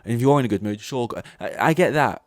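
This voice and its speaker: A man's voice: medium pitch, animated, fast talker, dry recording, clean studio sound. A young man hosting a solo podcast, ranting in a rambling, exasperated way and swearing often. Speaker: podcast host.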